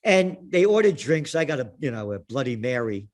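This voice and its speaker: A man's voice: mid-range voice, sing-song, moderate pace, a little mellow. A man telling heated, combative stories in a ranting monologue.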